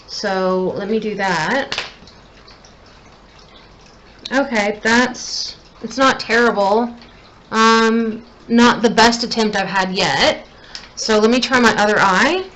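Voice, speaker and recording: A woman's voice: mid-range voice, fairly bright tone, poor audio. A young woman chatting casually at home while doing her makeup, thinking aloud and putting herself down as she gets more and more frustrated. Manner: self-deprecating, increasingly frustrated, thinking aloud. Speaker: beauty vlogger. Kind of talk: casual makeup tutorial chat.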